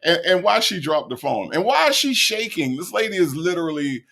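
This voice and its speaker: Male host, animated reaction commentator, swings his pitch a lot. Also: fairly quick, creaky. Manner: animated, addresses viewers directly, laughs often.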